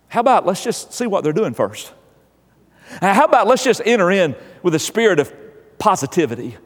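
High-voiced preacher man in a hall. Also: very animated, brisk. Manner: emphatic, exhorting, repeats phrases. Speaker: pastor. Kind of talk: sermon.

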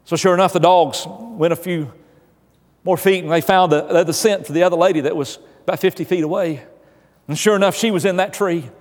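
A man's voice: high-pitched, steady tone, brisk, darkish tone. A male pastor preaching a sermon, telling a story and asking repeated emphatic questions. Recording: long hall reverb.

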